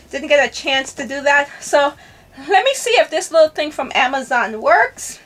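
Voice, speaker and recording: A woman's voice: high-pitched, fairly bright tone, far from the mic. An older woman, chatting casually to camera as a travel vlogger, laughing often and talking to herself.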